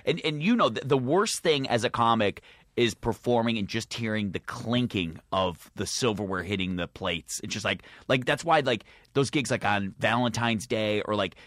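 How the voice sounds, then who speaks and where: A man's voice: on the low side, moderate pace, a bit bright, dry recording, clean studio sound. A man, a comedian co-hosting a podcast, chatting casually about comedy gigs and laughing easily. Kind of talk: casual chat.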